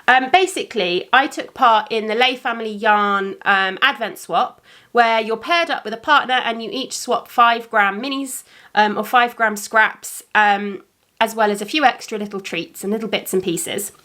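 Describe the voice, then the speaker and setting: A woman with a bright, fairly high voice chats to camera about her crafting. She rambles casually, fills pauses with ums and talks straight to her viewers. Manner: chatty, rambling with frequent ums. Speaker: crafting podcast host and yarn dyer. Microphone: camera facing the speaker.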